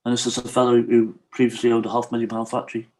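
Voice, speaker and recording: A man's voice: mid-range voice, completely flat delivery, fast talker, darkish tone. A middle-aged man from Wales, a podcast guest telling his personal story in an earnest, confessional way. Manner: earnest, confessional, leans on "yeah" and "I said".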